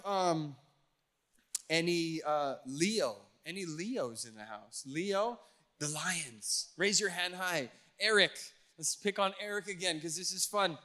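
Male pastor, high bright voice, playful teasing sermon delivery. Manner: teasing, joking with the audience. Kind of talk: playful sermon to a youth crowd.

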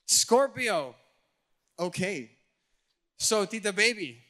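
A young man giving a sermon as a youth pastor in church. He is playful and energetic with the crowd, and his voice sits high and sounds bright and forceful. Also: a little slow.

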